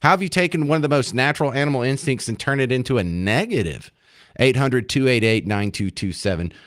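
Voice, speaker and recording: A man's voice: medium pitch, a little fast, no room sound, studio quality. A man hosting a talk radio show, speaking in a conversational way as he takes calls and steers callers along. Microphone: studio microphone.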